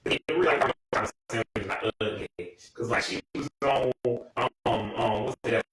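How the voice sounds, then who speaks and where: Male host in his thirties, bright-toned, meandering and profane, recorded far from the mic in a roomy space. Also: medium pitch, moderate pace. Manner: rambling, meandering, profane, frequent "anywho" asides. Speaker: show recap host. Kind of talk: casual rambling episode recap. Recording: echoey room, mic far off.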